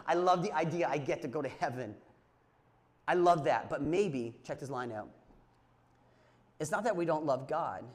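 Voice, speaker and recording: High-voiced emphatic young male preacher. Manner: swings from hushed intimate asides to loud emphatic preaching; repeats phrases for emphasis, asks the audience questions. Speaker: youth pastor. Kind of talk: sermon.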